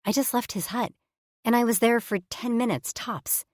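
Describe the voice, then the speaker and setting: Woman, audiobook narrator, dry exasperated tone, low voice, dead-dry close mic. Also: moderate pace, no echo. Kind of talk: first-person romance narration.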